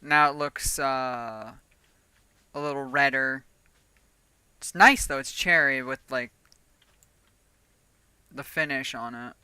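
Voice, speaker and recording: Forceful, crisp-voiced woman game streamer. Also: rumbling low, slow, pauses often, dry recording. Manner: chatty and profane, laughs often. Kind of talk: casual gaming stream chat.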